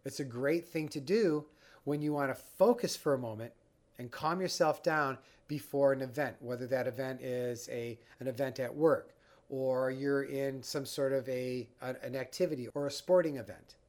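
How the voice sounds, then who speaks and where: Calm man coaching slow breathing. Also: medium pitch. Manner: calm, guiding, acts out the panicked mind. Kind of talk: instructional talk.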